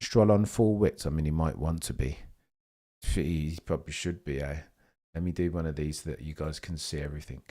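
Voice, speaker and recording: A young man hosting a live race watchalong, talking excitably and rambling while he reads out viewers' chat comments. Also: extremely low pitch, normal speed. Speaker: live stream host.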